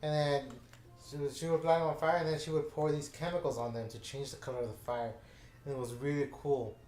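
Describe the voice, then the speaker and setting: A man's voice: a little high, steady tone, brisk, a little mellow. Rambling man telling a story in an echoey room. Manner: rambling, with many fillers and restarts. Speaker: gaming channel host. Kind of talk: casual storytelling chat.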